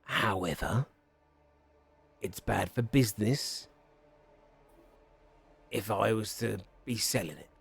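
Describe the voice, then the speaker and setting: A man voicing a shady, wary shopkeeper who mutters in a low, hushed way. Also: slow pace, creaky, long pauses, husky, faint music behind, exaggerated voice. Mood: evasive. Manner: quiet, muttering, evasive. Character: shady middle-aged male shopkeeper, evasive and wary.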